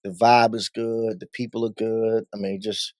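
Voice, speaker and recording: A guest DJ and radio host from Baltimore, this man has a lowish voice and a moderate pace, recorded with no echo. In a casual interview he tells stories animatedly, acting out the voices in them.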